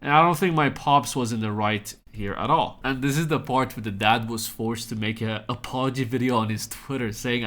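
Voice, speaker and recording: A young man talks through the news in a relaxed, conversational commentary. He jokes crudely and speaks at an average pitch. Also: brisk, hardly any pauses. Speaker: commentary YouTuber. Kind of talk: casual commentary vlog.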